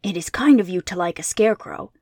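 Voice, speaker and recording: A woman's voice: mid-range voice, lively intonation, a little fast, darkish tone, dry recording, studio quality. A woman reading aloud and voicing an eager, hopeful scarecrow man in a cheerful, earnest tone.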